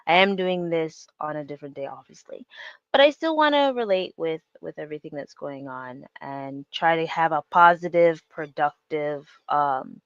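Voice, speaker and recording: A woman's voice: low voice, a bit bright, clear, resonant tone, dry recording, lo-fi sound. A woman hosting her own podcast, chatting casually and rambling with many fillers and restarts. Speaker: podcast host. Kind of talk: casual solo podcast chat.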